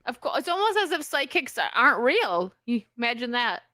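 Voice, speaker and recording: Bright, giggly American woman. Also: a little high, big pitch swings, brisk, no room sound, studio quality. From USA. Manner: giggly, chatty. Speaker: podcast host. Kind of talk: casual chat, reading out member messages.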